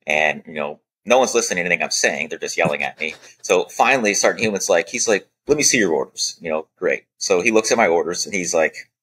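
Low-voiced male guest with a bright, forceful edge, spinning a loose, animated story full of fillers. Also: fast talker, hardly any pauses, slightly rough. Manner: animated anecdote-telling, acting out quoted dialogue with many "you know" fillers. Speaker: podcast guest, former Air Force special operator. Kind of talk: casual storytelling interview.

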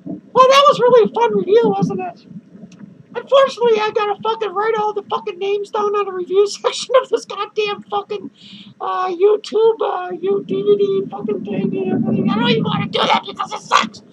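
Against a noisy background, a man speaks briskly in an extremely high pitch with a steady tone. He voices a lonely woman clown who reviews films, ranting irritably, swearing, and laughing between lines in a comic movie review.

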